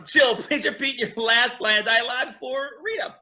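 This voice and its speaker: A man's voice: extremely high pitch, unhurried, sharp tone, muffled recording, faint music behind. A man refereeing a virtual improv comedy match over a video call, upbeat and chatty as he reads suggestions from the chat.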